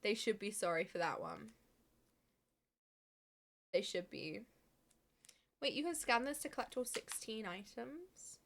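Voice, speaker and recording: A woman's voice: medium pitch, lively intonation, unhurried, creaky, pauses often, a bit bright. A young woman chatting casually to viewers on a live stream, swearing freely and laughing often.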